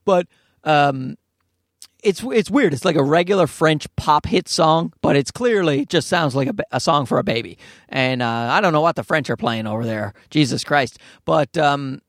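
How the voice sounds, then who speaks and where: A man's voice: a little high, animated, normal speed, a bit bright, dry recording, clean studio sound. A man hosting a casual solo podcast, rambling with profanity and sarcastic asides. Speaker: podcast host. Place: outdoors or by a road, talking into a microphone.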